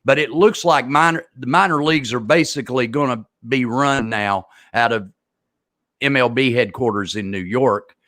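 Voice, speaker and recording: A man's voice: mid-range voice, normal speed, a bit bright, no room sound, studio quality. A middle-aged man hosting an interview in a folksy, chatty way. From American South. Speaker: radio show host. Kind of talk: casual interview.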